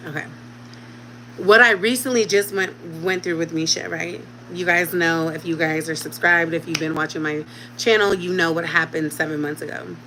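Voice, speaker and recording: A woman's voice: lowish voice, sharp tone, a little hiss or hum, poor audio. A woman in her thirties, a mother talking casually at home to her channel's viewers, chatty and direct with them. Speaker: vlogger. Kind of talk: casual chat to camera.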